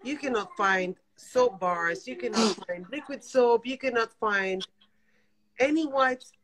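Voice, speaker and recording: A woman in her fifties calling in from her apartment over a phone video call, talking in animated, exasperated bursts. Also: on the high side, unhurried, low-quality recording. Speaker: guest caller. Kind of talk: emotional live-stream chat. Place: home apartment.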